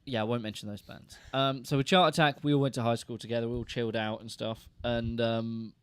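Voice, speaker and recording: An easygoing young man, sharing stories as co-host of a live music chat. His pitch sits in the middle range. The recording is dry and close. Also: fairly even intonation, fairly quick, clear, resonant tone, dry recording. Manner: easygoing storyteller, agreeable. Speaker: podcast co-host. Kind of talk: casual chat on a live stream.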